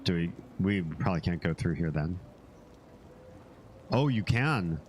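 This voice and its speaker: Brief: low-voiced male streamer, casual and jokey, loose with profanity, faint room hiss behind. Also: animated, a little slow. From Finland and the United States. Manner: rambling, joking, swears freely. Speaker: game streamer. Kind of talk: casual gameplay stream chat.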